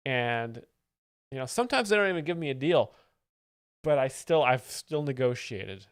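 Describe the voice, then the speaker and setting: A man giving satirical live stream commentary on clips, rambling with deadpan mock seriousness. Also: medium pitch, moderate pace, clean tone, no echo, studio quality. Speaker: comedic streamer reacting to clips.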